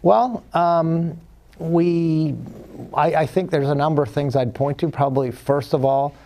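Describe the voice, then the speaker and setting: A man appearing as a studio guest executive, answering questions in a measured way with frequent fillers and restarts. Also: a little high, steady tone, dark tone. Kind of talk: business interview answers.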